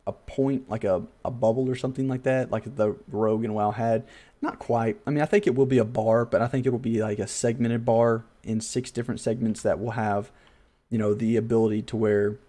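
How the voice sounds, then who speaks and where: A man's voice: medium pitch, warm tone. A man hosting a casual gaming podcast, thinking aloud in a loose, rambling, self-deprecating way. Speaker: podcast host.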